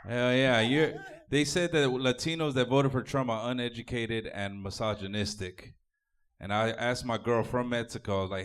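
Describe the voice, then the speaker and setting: A man's voice: medium pitch, normal speed, clean tone. A man from Oak Cliff, Texas, doing a profane, offhand stand-up set on a comedy club stage. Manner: crude, profane, offhand delivery.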